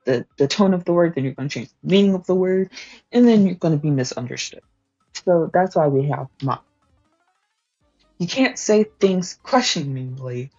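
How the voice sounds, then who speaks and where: A woman with a low, mellow voice teaches her stream chat in a loose, chatty way, full of fillers, laughs and the odd swear. Her speech is slow. The sound is dry and a bit dull, with faint music underneath. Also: dry recording. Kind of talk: casual study-stream teaching.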